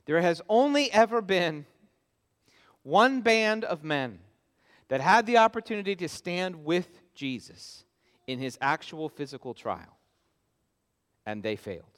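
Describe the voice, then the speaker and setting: A man's voice: high voice, very animated, unhurried, pauses often, a bit bright. A pastor preaching an expository sermon, earnest and emphatic as he stresses his key points. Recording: long reverb of a large hall.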